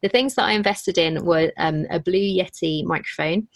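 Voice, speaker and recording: In a casual interview chat, a woman who runs both a podcast and a business talks about herself in a self-deprecating way, often restarting her sentences. Her voice is lowish and her pace is normal, with no room sound in the recording.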